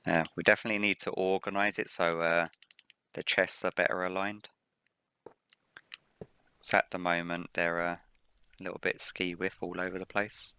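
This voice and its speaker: Male let's-play host, low and crisp, slightly rough morning voice, casual running commentary. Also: moderate pace, long pauses. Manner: relaxed, thinking aloud while building.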